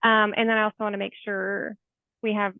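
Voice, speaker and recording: A woman's voice: medium pitch, flat delivery, a little fast, gravelly, no echo. Chatty woman in her forties, tinny call. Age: 40s. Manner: chatty and heartfelt, with many "like" fillers and soft laughs. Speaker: therapist guest. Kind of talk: casual interview chat. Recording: tinny phone-like call audio.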